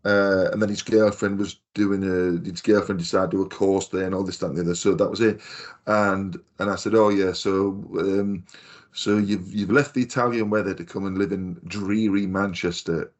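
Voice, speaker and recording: A man's voice: low-pitched, fairly even intonation, moderate pace. A man, chatting casually on a podcast and telling rambling stories with the odd swear word. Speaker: podcast co-host. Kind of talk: casual chat.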